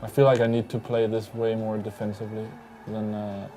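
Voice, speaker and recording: A man's voice: fairly low pitch, flat delivery, a little fast, warm tone, soft background music. A man playing a racing game on a livestream, chatting casually and mocking himself with a laugh. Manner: joking, self-mocking, laughs often. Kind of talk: casual gaming banter.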